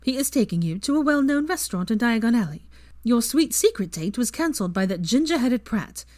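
A woman voicing a bossy, teasing young witch, raised in pitch, in a fan fiction reading. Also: very animated, darkish tone, no room sound, clean studio sound. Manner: brisk, commanding, mock-sweet when acting posh.

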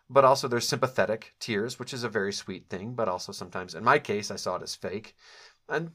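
A middle-aged man with a mid-range, slightly bright voice recalls a personal story from his past. He's reflective and candid, using lots of fillers and correcting himself as he goes.

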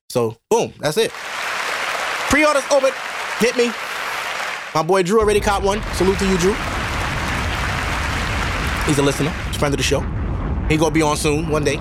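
A man's voice: a little high, noisy background. A man hosting a casual solo podcast, talking bluntly and profanely to his listeners and laughing often. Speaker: podcast host.

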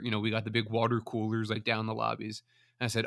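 A man co-hosting a sports podcast, telling stories in a lively way and acting out what people said. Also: on the low side, very fast, no room sound, studio quality. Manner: animated storyteller, acts out quotes. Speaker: podcast co-host. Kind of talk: casual storytelling chat.

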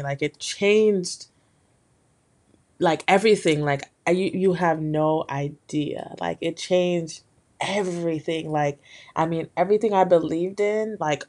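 A young woman hosting a solo podcast, talking candidly in a rambling way with lots of fillers, her voice a bit hoarse from being sick. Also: low voice. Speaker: podcast host. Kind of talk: casual solo podcast talk.

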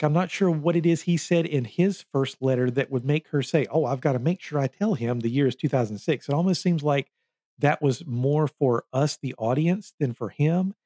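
A man's voice: fairly high pitch, no echo, studio quality. Nitpicky man picking apart a movie. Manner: nitpicky, questioning, animated retelling. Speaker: podcast co-host. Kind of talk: casual movie review chat.

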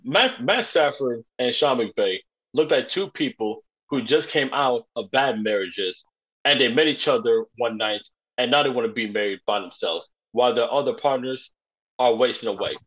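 A man co-hosting a casual sports podcast, joking in quick bursts and cutting in. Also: mid-range voice, fairly bright tone, slightly rough. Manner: joking, rapid bursts, cuts in. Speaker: podcast co-host. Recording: dull lo-fi sound.

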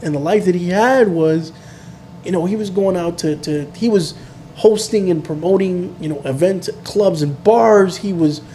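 An earnest man in his thirties reflects openly during a casual chat. His voice is warm and mellow, and his speech is loose and full of restarts. A faint low rumble sits under the recording. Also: normal speed.

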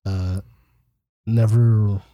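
A young man co-hosting a podcast, speaking bluntly in a joking, animated way. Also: fairly low pitch, drawn-out words. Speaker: podcast co-host. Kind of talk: casual chat.

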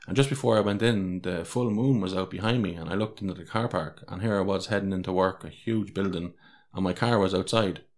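A man with an Irish accent and a very low, deep voice hosts a solo podcast. He talks candidly and in a rambling way, restarting his sentences and swearing freely as he goes. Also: a little fast. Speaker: podcast host.

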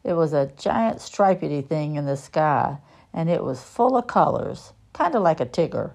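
A bouncy, boastful cartoon tiger who teases his friends and booms with excitement, put on by a woman reading a storybook. His voice sits raised and lively, with a gravelly edge. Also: moderate pace, exaggerated voice. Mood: boisterous. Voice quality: playful teasing.

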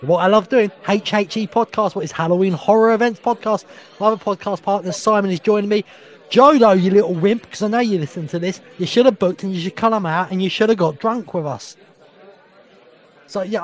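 High-voiced boisterous man. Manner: boisterous, swearing, quick laughs. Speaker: podcast co-host. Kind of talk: casual pub-style chat.

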